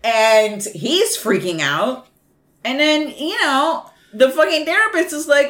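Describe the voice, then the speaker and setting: A woman co-hosting a podcast, recapping a horror movie in a casual, animated, profane way, often laughing. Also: sits high, slow pace. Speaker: podcast co-host.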